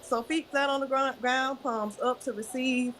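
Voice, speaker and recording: A woman yoga teacher giving calm, guiding breathing instructions in an interview over a video call. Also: sits high, moderate pace, slight background noise. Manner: calm, guiding, soft-spoken.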